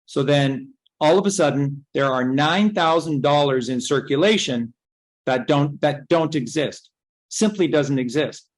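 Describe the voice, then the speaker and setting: A woman's voice: low-pitched, a little slow, poor audio. A woman giving a rambling spoken lecture, emphatic and swearing, firing off rhetorical questions. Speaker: speaker giving a talk.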